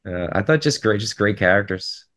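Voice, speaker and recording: A man's voice: lowish voice, lively intonation, normal speed, fairly bright tone. A man co-hosting a casual film podcast, talking in a rambling way with frequent restarts. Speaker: podcast co-host.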